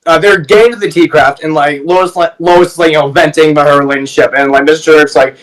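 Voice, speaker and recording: A young man with a notably high voice talks through a film in loose, rambling chat. He swears freely and slips into little impressions of the characters as he retells the plot. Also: steady tone, quick pace, recorded from a distance, low-quality recording. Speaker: movie review co-host. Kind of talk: casual chat.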